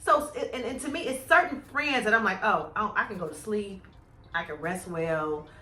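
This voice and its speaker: A woman in her forties co-hosting a casual chat show, animated and expressive as she talks about her grown son. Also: normal speed, far from the mic. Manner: animated, acts out worried-mom questions in a higher voice. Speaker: podcast co-host. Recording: echoey room, off-mic.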